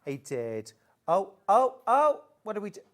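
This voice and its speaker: A woman's voice: medium pitch, sing-song, a little slow. Chatty British shopping-channel woman. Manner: chatty, bubbly, reads viewer messages aloud. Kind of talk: live sales demonstration. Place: TV studio.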